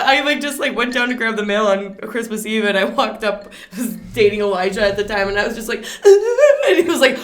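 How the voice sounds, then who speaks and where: A young woman, a comedian, telling a story in casual chat. She is animated, laughs often and swears freely. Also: mid-range voice, a little fast, hardly any pauses. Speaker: comedian guest.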